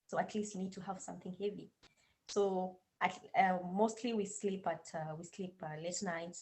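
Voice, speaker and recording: A woman with a Kenyan accent talks in a casual interview over a video call. Her voice sits fairly low, and she speaks hesitantly with frequent fillers and restarts. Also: steady tone, normal speed, darkish tone, poor audio. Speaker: guest language teaching assistant.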